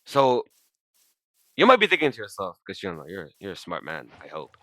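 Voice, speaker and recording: A man's voice: deep voice, huge pitch swings, normal speed, pushed and bright, no room sound. A man rambling and swearing casually as he comments over his own gameplay, often breaking off mid-sentence. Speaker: gaming commentator. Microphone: desktop mic while recording screen.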